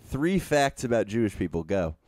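Young guy comic riffing on himself, super lively up and down voice, casual podcast chat. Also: on the low side, moderate pace, no room sound. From New York. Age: 20s. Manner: animated, self-mocking jokes. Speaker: guest comedian.

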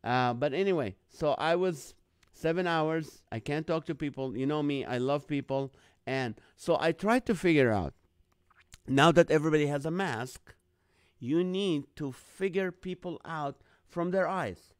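A Middle Eastern man hosts a live online show with a comedic storytelling monologue, animatedly voicing others' lines in a jumped-up way. His voice is a little high and a little slow, with a clean tone and clean studio sound free of room sound.

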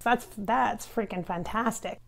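A woman's voice: on the high side, a little slow, creaky, no room sound. A middle-aged woman, a psychic vlogger, gushing and giggling as she talks to the camera with lots of fillers. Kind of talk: gushing casual talk to camera.

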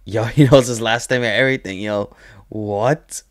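A young man hosting a casual reaction video, excitable and swearing, full of "yo" exclamations and laughter. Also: fairly low pitch, moderate pace.

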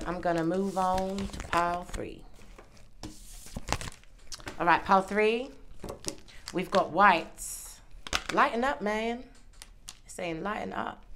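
A woman's voice: lowish voice, a little hiss or hum. A woman giving a casual tarot reading, chatty and encouraging, often checking in with "okay?". She speaks into a microphone worn close to her hair. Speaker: tarot reader. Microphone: microphone worn near her hair.

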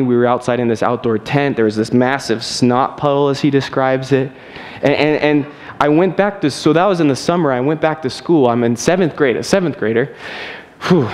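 A young man preaches to a church congregation in a relaxed, conversational way. His voice sits at an ordinary middle pitch. He stumbles over his words, stammers and restarts his sentences, and laughs at himself often. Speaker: pastor. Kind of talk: sermon with personal story. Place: church service.

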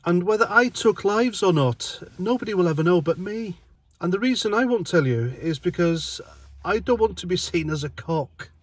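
A British man, an ex-soldier, speaks his mind in a blunt, sarcastic monologue and laughs now and then. His voice is a little high for a man. The recording is close and dry, with no room sound. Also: lively intonation, normal speed, slightly rough, no room sound. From United Kingdom. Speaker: army veteran vlogger. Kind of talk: opinionated casual monologue.

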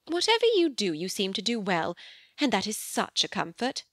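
A woman voicing an older, fussy and doting mother in an audiobook, with a high, gushing manner. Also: sing-song, normal speed, no room sound, studio quality. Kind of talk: audiobook character voice.

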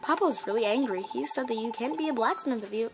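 A woman's voice: fairly high pitch, fast talker, very noisy, lightly acted. A woman reading out a bossy young village girl's lines from a video game, in a scolding, nagging tone. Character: bossy young village girl waking a sleepy boy. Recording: loud game music underneath.

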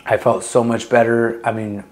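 A man's voice: mid-range voice, flat delivery, moderate pace, darkish tone. A young man, a Marine veteran, talks candidly about his past in a casual interview, swearing freely and filling his speech with "like" and "dude". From Long Beach, California. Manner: candid, profane, many fillers like "like" and "dude".

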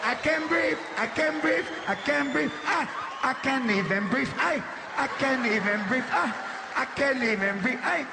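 A man voicing a gasping middle-aged man who cannot breathe, halting and repeating himself. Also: extremely high pitch, lively intonation, creaky, over a noisy crowd, voice pushed up, full character voice. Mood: breathless. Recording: noisy live stand-up recording.

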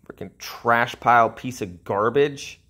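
A man giving frustrated gameplay commentary as a channel host, sighing and ranting with drawn-out insults at the game. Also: mid-range voice, pushed and bright.

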